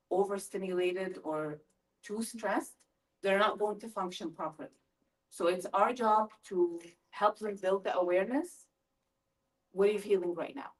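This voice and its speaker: A middle-aged woman presents a live workshop for parents in a lively, engaging way, often turning questions to her listeners. Her voice sits at an ordinary middle pitch. It is picked up from some distance from the microphone. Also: normal speed. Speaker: school family-engagement presenter. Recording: voice from a distance from the mic.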